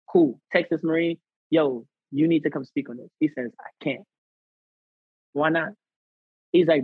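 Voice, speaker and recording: A man's voice: on the high side, moderate pace, pauses often, husky, dry recording, narrow, tinny audio. A man guest on a podcast telling a personal story in casual slang, acting out what others said. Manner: animated, acts out quoted people; conversational American slang.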